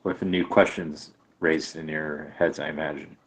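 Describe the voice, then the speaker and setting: A man narrating as game master of a tabletop game, hesitant and full of pauses. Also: rumbling low, steady tone.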